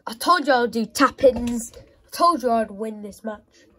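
A woman giving excitable commentary while playing a football video game, often shouting and squealing at the match. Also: a little high, measured pace, low-quality recording. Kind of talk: gaming commentary.

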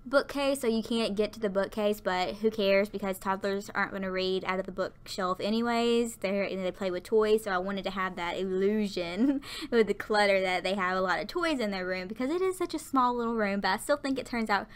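A young woman from lower Alabama, chatting and rambling through a casual video game voiceover, audibly out of breath. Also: fairly quick, smooth. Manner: rambling, chatty, lots of fillers. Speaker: Sims build YouTuber.

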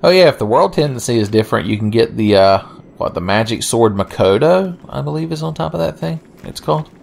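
A man's voice: medium pitch, lively intonation, brisk, gravelly, a little hiss or hum. A young man giving sardonic, profane, rambling gameplay commentary. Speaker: let's play commentator.

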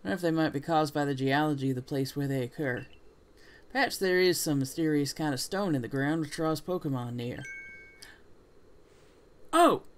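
A man's voice: a little high, moderate pace, pauses often, lightly acted. A man voicing a boastful, competitive young man, attempting a Southern accent with a smug, one-upping manner.

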